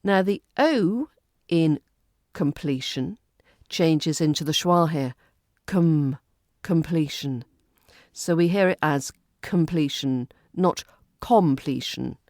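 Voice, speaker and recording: British woman, accent coach; lowish voice, unhurried, precise drilling, dry close sound. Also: animated, a little mellow, no room sound. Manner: slow, careful drilling of words and phrases. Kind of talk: pronunciation lesson.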